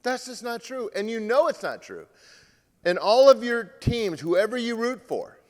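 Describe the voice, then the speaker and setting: A male pitching coach giving a lively live talk to players and parents, acting out what players say. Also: measured pace, big-room sound. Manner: animated, acts out quotes from players. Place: large room with a live audience.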